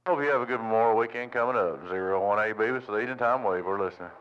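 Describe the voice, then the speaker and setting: A man's voice: fairly low pitch, very fast. A man from Tennessee, chatting on CB radio in a friendly way and repeating his sign-off. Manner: friendly, repetitive call-sign sign-offs. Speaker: CB radio operator. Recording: lo-fi radio with static.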